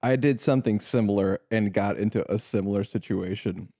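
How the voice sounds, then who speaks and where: A man's voice: lowish voice, brisk, warm tone, dry recording, clean studio sound. A man, a podcast co-host, chatting casually in a laid-back way and laughing easily. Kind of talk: casual chat.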